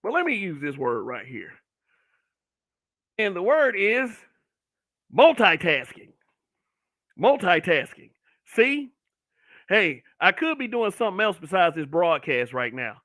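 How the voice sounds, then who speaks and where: A middle-aged man hosts his own solo broadcast, ranting bluntly with lots of profanity. His voice sits high and sounds bright and forceful. It is recorded close and dry. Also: very animated, measured pace, pauses often, dry recording. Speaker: online talk show host. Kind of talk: brutally honest solo commentary broadcast.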